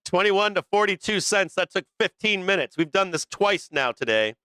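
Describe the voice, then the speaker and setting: A brash man calls live market trades, swearing freely and laughing between calls. His voice is bright and forceful, pitched a little high, with a smooth, crisp tone. The sound is dry and close, with no room around it. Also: animated, moderate pace, no room sound. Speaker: stock market livestream host. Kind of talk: profane live trading commentary.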